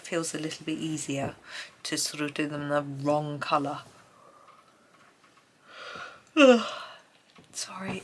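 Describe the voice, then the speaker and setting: A British woman chatting softly as she talks through her colouring, sometimes trailing off into murmured asides. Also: sits low, gravelly, a little hiss or hum, rough recording. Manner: chatty, soft-spoken, drifts into murmured asides. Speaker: colouring video creator. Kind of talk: casual narration while colouring.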